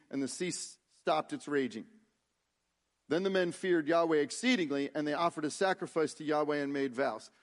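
High-voiced man preaching a sermon. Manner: reads scripture aloud, then explains with frequent restarts. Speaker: pastor.

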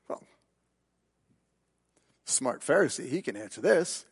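A man's voice: medium pitch, sing-song, slow, pauses often, slightly rough. A man preaching a sermon, emphatic and questioning, retelling a gospel story. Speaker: pastor.

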